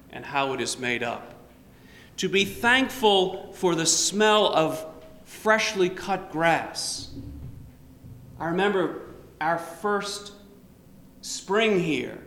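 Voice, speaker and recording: A man preaching a sermon in a church, speaking in a slow, measured way with touches of light humor. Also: fairly high pitch, fairly bright tone. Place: church sanctuary. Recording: roomy church with long reverb.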